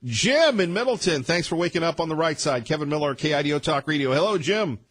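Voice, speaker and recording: A man hosting a morning talk radio show, delivering rapid-fire sarcastic opinions. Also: a little high. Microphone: studio microphone.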